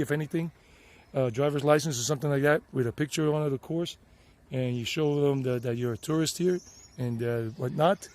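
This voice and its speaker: A man's voice: on the high side, darkish tone. A middle-aged man from the United States with a Southern American accent, rambling chattily as he vlogs outdoors in the countryside. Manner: rambling, chatty, self-correcting. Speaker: vlog host. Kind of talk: casual outdoor vlog talk.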